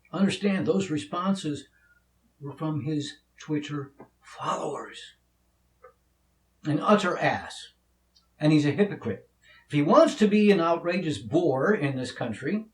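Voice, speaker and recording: Chatty man in a roomy room. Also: on the high side. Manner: opinionated, chatty, with small stumbles and laughs. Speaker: video blogger and actor. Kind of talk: casual commentary to camera.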